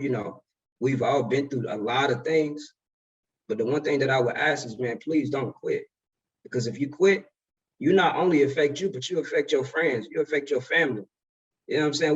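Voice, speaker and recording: A man's voice: medium pitch, moderate pace, breathy edge, distant mic, lo-fi sound. A man in his twenties telling a story in a casual, slangy way as a speaker at a summit. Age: 20s. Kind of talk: motivational talk.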